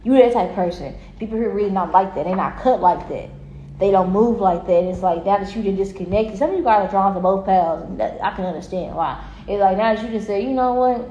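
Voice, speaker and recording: A woman giving a casual tarot reading in a blunt, heavily profane, animated way. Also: medium pitch, quick pace, echoey room, lo-fi sound, slight background noise. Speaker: tarot card reader.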